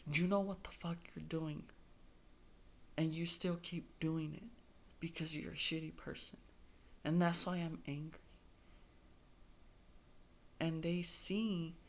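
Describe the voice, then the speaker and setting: A woman's voice: low-pitched, creaky. A woman vlogging about her life in a candid monologue, blunt and straightforward, swearing freely and rambling with many restarts.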